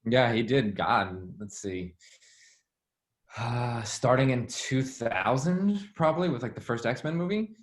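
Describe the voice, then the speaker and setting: A man being interviewed, telling stories in a chatty, animated way with lots of "like". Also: mid-range voice, slow pace. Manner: chatty, animated, heavy use of "like". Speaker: interview guest, former assistant. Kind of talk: casual storytelling interview.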